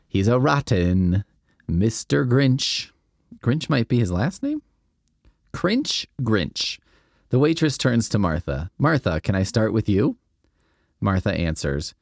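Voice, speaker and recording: A man's voice: mid-range voice, vocal fry, a little mellow, dry recording, studio quality. A man hosting a comedy podcast, reading a script aloud and riffing with rambling, wry asides that trail off. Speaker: podcast host.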